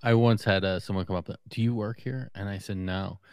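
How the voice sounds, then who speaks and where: A man co-hosting a podcast, chatting casually and introducing a guest, quick to laugh. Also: lowish voice, fairly even intonation, smooth, no room sound, studio quality. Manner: easygoing, quick to laugh and agree. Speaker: podcast co-host.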